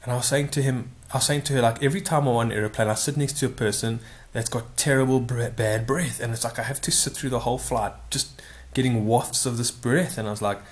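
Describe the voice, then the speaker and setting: A man spinning a casual story out loud, drifting into asides and stopping to correct himself mid-sentence. His voice sits at an ordinary middle pitch, and he sounds loose and unscripted, like a man talking off the cuff. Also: steady tone, fast. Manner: rambling, self-correcting, many asides. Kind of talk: casual spoken anecdote.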